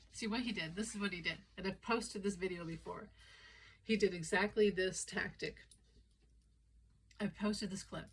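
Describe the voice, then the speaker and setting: A woman's voice: lowish voice, husky, rough recording. A woman giving casual political commentary, retelling stories animatedly and acting out the quoted lines. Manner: animated storyteller, acts out quoted dialogue.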